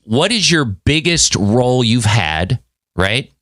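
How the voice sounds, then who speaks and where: A man's voice: mid-range voice, very animated, takes it slowly, a bit bright, dry recording, clean studio sound. A man hosting a podcast, laid-back and slangy in casual chat. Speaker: podcast host.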